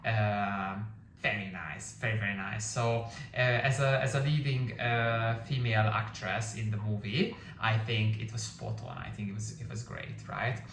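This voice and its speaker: A man's voice: fairly low pitch, little pitch movement, moderate pace, a bit bright, distant mic, a little hiss or hum. Man, casual reviewer, Hungarian native speaker, rambling with fillers, roomy echo. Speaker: movie reviewer. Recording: echoey room, somewhat off-mic.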